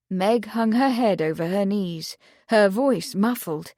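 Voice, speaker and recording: Woman narrator, slow pace, lively pitch, dry close recording. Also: no echo. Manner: slow, expressive storytelling. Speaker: audiobook narrator. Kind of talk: scripted narration.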